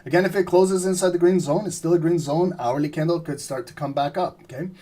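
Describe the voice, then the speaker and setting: A man giving live trading commentary, explaining steadily and often clearing his throat as he says he is losing his voice. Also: a little high, fast talker. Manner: steady explanatory, repeats "remember" and "right?". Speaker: trading streamer.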